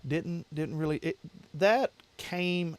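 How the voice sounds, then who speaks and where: Speaking slowly in a slightly high voice, a man hosts a relaxed livestream, answering viewers with easy laughter while rambling and repeating himself.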